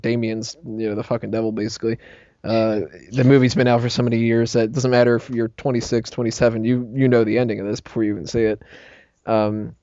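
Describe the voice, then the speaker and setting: A young man hosting a podcast roundtable, telling a story in an animated, laughing way and swearing freely. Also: medium pitch, no room sound. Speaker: podcast host. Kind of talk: casual roundtable chat. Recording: slightly muffled podcast audio.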